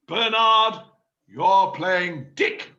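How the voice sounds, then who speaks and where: A man's voice: sits high, very slow, bright, forceful tone, muffled recording, exaggerated voice. A man reading the part of a fussy, exasperated male panto director in an amateur play reading over a video call. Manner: pompous, theatrical outbursts.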